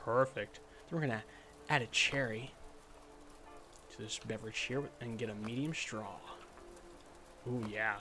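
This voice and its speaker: Slow, rambling man gaming. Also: mid-range voice, music in the background. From United States. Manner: rambling, relaxed, lots of fillers. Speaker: gaming channel host. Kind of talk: casual gameplay commentary.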